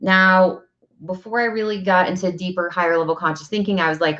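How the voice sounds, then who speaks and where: A woman's voice: fairly low pitch, steady tone, a little fast, fairly bright tone, dull audio. A woman giving a casual, earnest talk on energy healing, speaking directly and asking herself rhetorical questions. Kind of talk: casual spiritual talk to camera.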